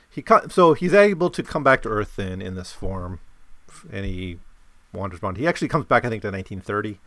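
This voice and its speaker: A man in a casual, rambling discussion of a story he has read, with animated bursts. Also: fairly low pitch, no echo. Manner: rambling, many fillers and restarts, animated bursts. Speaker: podcast host discussing a story.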